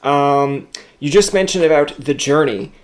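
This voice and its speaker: A man's voice: on the high side, a little slow. A man hosting a casual interview, a jokey, rambling storyteller who acts out the people in his anecdotes. He records from home. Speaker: podcast host.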